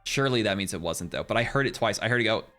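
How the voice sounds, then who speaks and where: A man's voice: lowish voice, very fast, soft background music. A man live-streaming a game, chatting animatedly with his viewers and laughing often. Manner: animated and laughing, talks to chat. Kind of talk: live-streamed gameplay chat.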